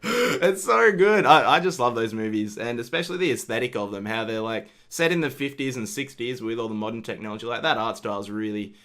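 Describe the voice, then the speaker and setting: Bright-voiced young man joking on a podcast. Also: mid-range voice, a little fast. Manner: animated, laughs often, jokey. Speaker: podcast co-host. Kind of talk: casual chat.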